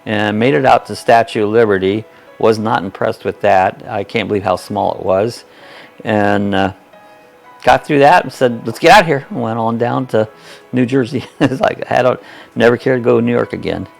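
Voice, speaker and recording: A man's voice: fairly low pitch, moderate pace, creaky, faint music behind. A man in his sixties rambling folksy and self-deprecating, hosting a casual live chat while reading out viewer comments.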